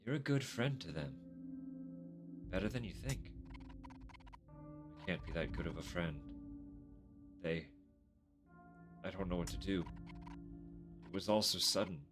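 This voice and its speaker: A very deep man talks slowly through a game on stream, reading the characters' lines aloud and then dropping out of them to laugh and swear. His voice climbs and falls with a lot of movement. Game music plays clearly beneath him. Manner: reads dialogue in a flat voice, breaks into laughs and swearing. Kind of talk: let's play, reading in-game characters' lines with live commentary.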